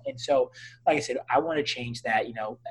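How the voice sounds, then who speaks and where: Husky-voiced man telling stories. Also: medium pitch, a little fast, low-quality recording. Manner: earnest, animated storytelling with frequent restarts. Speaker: physician and interview guest. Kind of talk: casual interview conversation.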